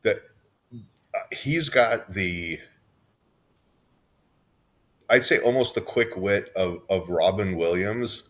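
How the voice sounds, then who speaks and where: A man's voice: lowish voice, slow pace, pauses often, a bit bright. A man from Southern California, co-hosting a podcast in casual chat, rambling with restarts and fillers. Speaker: podcast co-host.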